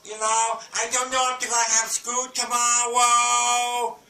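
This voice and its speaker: A man's voice: extremely high pitch, monotone, unhurried, sharp tone, far from the mic, exaggerated voice. A man playing a sweet, simple-minded ten-year-old boy with a Southern East Tennessee accent, talking in a childlike, rambling, repetitive way. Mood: chatty. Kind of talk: comedy skit monologue. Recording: roomy, away from mic.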